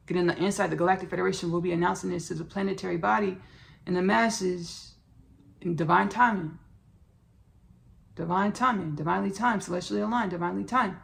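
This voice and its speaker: A woman's voice: lowish voice, fairly even intonation, brisk, creaky. A woman hosting a podcast in casual spiritual talk, effusive and rambling, repeating herself and calling listeners "baby" and "y'all". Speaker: podcast host.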